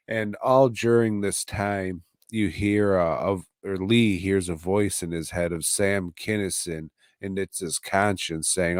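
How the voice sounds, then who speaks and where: A man's voice: sits low, steady tone, no room sound, clean studio sound. A man hosting a podcast from home, recapping a show in a casual, profane, offhand way. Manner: profane, offhand, slow and drawling. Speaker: podcast host reviewing a TV episode.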